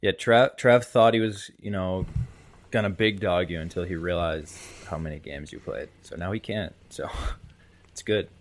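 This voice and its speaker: A man's voice: deep voice, normal speed. A man co-hosting a casual podcast, laid-back and teasing. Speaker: podcast co-host.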